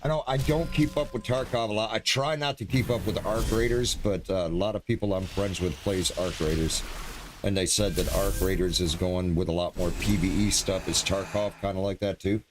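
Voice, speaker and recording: A man's voice: sits low, fairly even intonation, moderate pace, noisy background. A man from New York chatting casually and teasingly with a guest on a live game stream, easygoing and friendly. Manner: laid-back, friendly, teasing banter.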